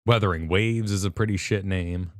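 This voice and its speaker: A man's voice: deep voice, steady tone, moderate pace, no room sound, studio quality. A young man from Virginia with a Virginian accent, co-hosting a podcast in rambling casual chat. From Virginia, USA. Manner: rambling, laughs loudly, trails off. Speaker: podcast co-host.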